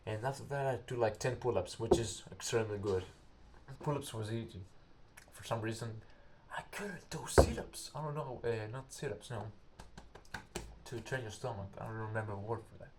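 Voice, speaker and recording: A man's voice: lowish voice, background noise. A young man, an English speaker, telling a story casually and rambling, searching for words. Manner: rambling, halting, searches for words, acts out quotes loudly.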